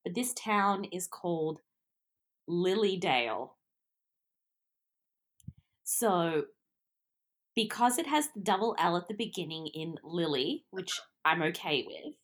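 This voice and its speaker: A woman's voice: lowish voice, sing-song, takes it slowly, long pauses. A young adult woman with an Australian accent, co-hosting a podcast in casual chat, self-deprecating and giggly, tripping over words. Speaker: podcast co-host.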